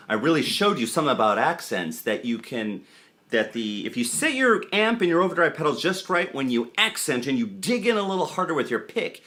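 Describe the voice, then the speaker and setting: A man's voice: medium pitch, fairly bright tone. A man giving a casual guitar lesson, counting beats aloud as he explains rhythm and accents. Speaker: guitar teacher. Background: guitar playing.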